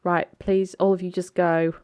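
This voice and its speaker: A woman's voice: fairly low pitch, flat delivery, darkish tone, clean tone, no echo, close to an everyday voice. Woman voicing a furious jilted groom. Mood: angry, hurt. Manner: indignant, accusing, rapid. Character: heartbroken man jilted at the altar, furious.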